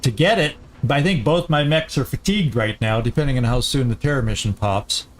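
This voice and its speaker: A man with a medium-pitched voice hosts a let's play, offering casual gameplay commentary as he thinks out loud, often halting and starting over.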